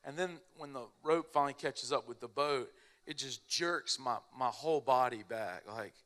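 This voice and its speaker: Before a live church audience at a family event, a young man animatedly recounts a humorous tale, laughing as he tells it. His mid-range voice moves at a moderate pace.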